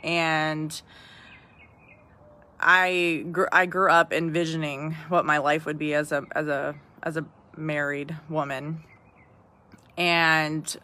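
Her voice is deep with a sharp tone as this podcast host in her thirties shares personal reflections from the heart. Tearful at times, she frequently restarts phrases and checks in with listeners by asking "right?"

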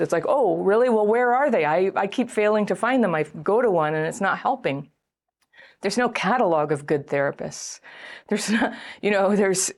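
A middle-aged woman hosting a self-help video, talking casually to camera, acting out quoted voices and laughing often. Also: fairly low pitch. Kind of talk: casual advice talk to camera.

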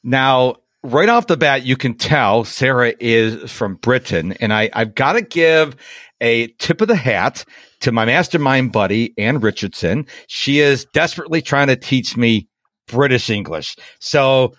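A man's voice: mid-range voice, lively intonation, unhurried, fairly bright tone, no echo. American guy hosting a podcast, keen and talky, dry close sound. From Rochester, New York. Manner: chatty, enthusiastic, repeats himself. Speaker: podcast host. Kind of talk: casual interview chat.

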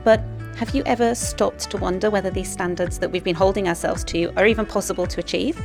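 A woman hosting a podcast, earnestly reading her intro and then chatting warmly with a friend, cheering her on and laughing often. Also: mid-range voice, fairly even intonation, fairly quick, creaky, faint music behind. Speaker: podcast host. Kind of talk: scripted intro, then casual chat.

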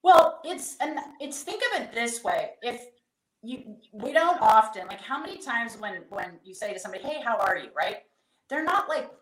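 A woman's voice: high voice, moderate pace. Chatty woman guest in an echoey room. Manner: lively, candid storyteller, acts out quotes. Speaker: guest, event company founder. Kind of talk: conversational interview.

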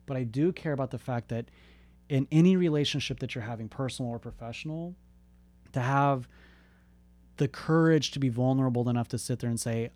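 A man in his thirties, mid-pitched, talking in a raw, profane and impassioned way. He preaches openness and honesty at an uneven, heartfelt pace, like a friend giving a pep talk. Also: steady tone, moderate pace, darkish tone. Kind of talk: candid motivational talk.

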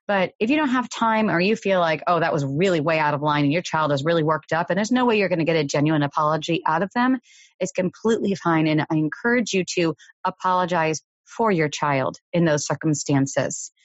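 A woman with a slightly low voice gives parenting advice in a calm, measured, explanatory manner. The sound is dry and a little dull, like a lo-fi home recording. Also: no room sound. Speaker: parenting podcast host. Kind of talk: advice talk.

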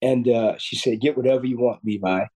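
Speaking briskly, a surgeon in his fifties shares a personal story as a podcast guest, his middle-pitched voice dark and mellow. He's earnest, often restarts and repeats words, and the recording is rough.

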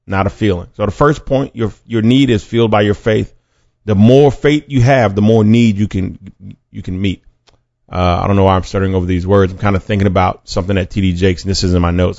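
A man's voice: sits low, gravelly, a little mellow, no echo. A man preaching a podcast sermon in an earnest, conversational way, often restarting his sentences. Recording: dry, dull lo-fi sound.

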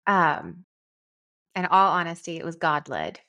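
A middle-aged woman tells a personal story as a podcast guest. She acts out the voices of the people in it, and her tone is bright and forceful. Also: on the low side, measured pace. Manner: lively storyteller, acts out quoted dialogue. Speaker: guest, company co-founder. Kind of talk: storytelling interview.

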